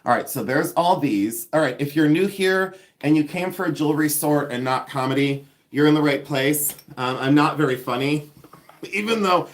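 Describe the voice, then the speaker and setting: A man's voice: fairly high pitch, normal speed. A man hosting a casual live jewelry-sorting stream from home, chatty and sassy, joking at his own expense. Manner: sassy, chatty, self-mocking humor. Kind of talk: casual livestream chat.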